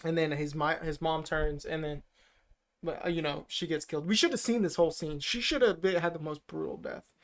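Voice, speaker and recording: Dude co-hosting a podcast, rambly and sweary, smooth voice. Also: male voice, fairly high pitch, fairly quick. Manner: rambling, lots of fillers and swearing. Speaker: podcast co-host. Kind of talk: casual chat recapping a film.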